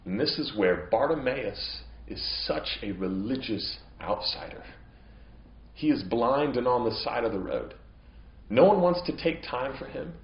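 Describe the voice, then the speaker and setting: A man's voice: medium pitch, lively intonation, unhurried, gravelly, roomy sound, highs cut off. A man preaching a sermon as pastor, earnest and growing impassioned at times. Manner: earnest preaching, voice rising into emphatic, impassioned stretches. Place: church.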